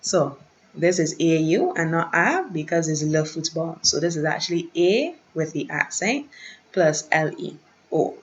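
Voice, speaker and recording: A woman with a slightly low voice gives a recorded online lesson, talking slowly and repeating each phrase with care. Her voice comes through a computer mic at a desk, and the sound is a bit dull and lo-fi. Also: big pitch swings, a little hiss or hum. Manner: slow, careful, repeats words for practice. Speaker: French teacher.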